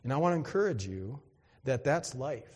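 Lively man preaching in a reverberant hall. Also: medium pitch, normal speed, slightly rough. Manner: lively, conversational, acts out voices and exclamations. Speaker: pastor. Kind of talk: sermon.

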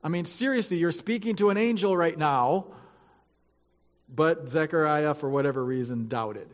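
A man with a fairly high voice leads a casual Bible lesson. He reads passages aloud and then breaks off to comment with easygoing, playful asides. His voice rings with the long reverb of a large hall. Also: moderate pace. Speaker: Bible teacher.

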